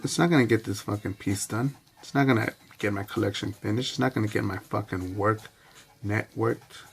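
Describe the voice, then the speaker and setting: An adult man vlogging in a rambling, profane, reflective monologue full of pauses and fillers. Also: on the low side, creaky, a little hiss or hum.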